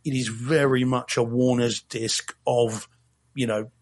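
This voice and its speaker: Guy chatting about a movie, wry, restarts a lot, mid pitch. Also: fairly even intonation, measured pace. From not from Boston. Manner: rambling, self-correcting, wry. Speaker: podcast guest reviewer. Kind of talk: casual chat.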